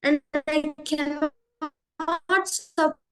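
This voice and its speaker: A woman voicing a gentle, loving old male sage who speaks softly and slowly. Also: high voice, monotone. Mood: tender. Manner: soft, slow, tender.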